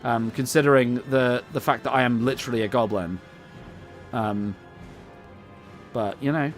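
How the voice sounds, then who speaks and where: A man's voice: medium pitch, moderate pace, faint music behind. A young man with an English accent hosting a casual co-op gaming stream, rambling and joking about himself with lots of ums. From England. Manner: rambling, self-mocking, many ums. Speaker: let's-play host.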